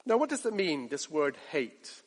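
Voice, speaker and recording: Passionate high-voiced male preacher in a reverberant hall. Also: big pitch swings, moderate pace, breathy edge. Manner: passionate, direct questions to listeners, swings from loud to hushed. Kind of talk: sermon.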